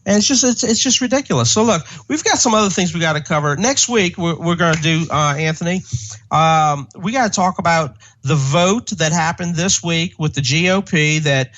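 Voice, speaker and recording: A man co-hosting a political talk radio show over a remote line, rambling and indignant, full of halting fillers. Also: fairly high pitch, fairly bright tone, dull audio. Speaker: radio co-host. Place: remote line from another state.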